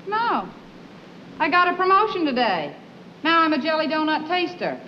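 Sitcom wife, high bright deadpan, slow, old dull soundtrack. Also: female voice, a little hiss or hum.

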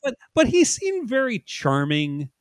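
A man co-hosting a podcast in casual chat, measured and dryly teasing. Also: extremely high pitch, wildly swooping pitch, clean tone, no room sound, studio quality. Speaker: podcast co-host.

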